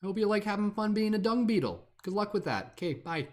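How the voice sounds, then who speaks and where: A man's voice: high-pitched, very animated, quick pace, pitched above the performer's own voice. A man voicing a flustered cosmic reincarnation clerk who stammers and apologizes. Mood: apologetic.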